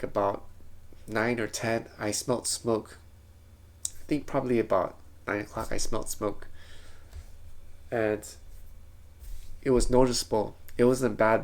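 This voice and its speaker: A man telling a rambling, self-correcting story in a casual vlog. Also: mid-range voice. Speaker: vlogger.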